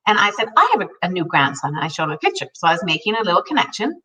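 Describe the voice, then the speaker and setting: A woman's voice: medium pitch, very animated, rapid-fire, bright, forceful tone. A middle-aged woman co-hosting a talk show, telling a personal story in an earnest, heartfelt way with many restarts. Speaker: co-host. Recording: voice a bit distant from the mic.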